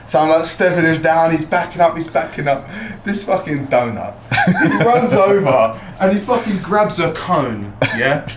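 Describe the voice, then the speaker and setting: A British man, a fighter and podcast guest, tells a street story with lively energy, swearing freely and acting out what people said. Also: a little high, brisk, a little hiss or hum. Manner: swears freely, acts out quotes. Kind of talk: animated storytelling. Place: podcast studio. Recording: roomy echo.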